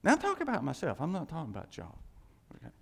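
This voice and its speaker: A man preaching a sermon with animated delivery, acting out quoted voices and dropping into hushed asides. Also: on the high side, rapid-fire, creaky, long reverb tail. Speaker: pastor.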